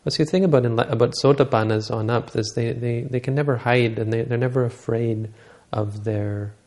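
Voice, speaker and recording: A man giving a dharma talk, retelling a Buddhist story in a halting way with many restarts and self-corrections. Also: medium pitch, fairly even intonation, a little mellow.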